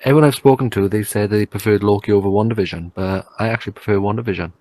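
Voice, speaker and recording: Brief: male co-host, lowish voice, teasing, dry room. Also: very fast, a little mellow, no room sound. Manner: teasing, prodding the other host. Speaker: podcast co-host. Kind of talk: casual chat.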